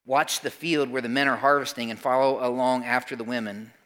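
A man preaching a sermon, retelling a Bible story with animated asides and dropping to a soft hush for tender moments. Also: medium pitch, a little fast. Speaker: pastor.

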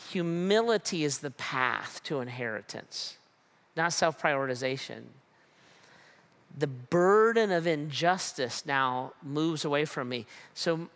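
A man's voice: on the high side, a little slow, fairly bright tone. A man preaching a sermon with emphatic repetition and rhetorical questions. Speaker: pastor.

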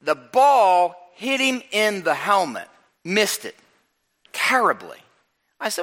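A male pastor preaching a sermon in a church, telling stories with lively acted-out lines. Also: sits high, slow pace, long pauses. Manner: animated storytelling, acts out his own shouts.

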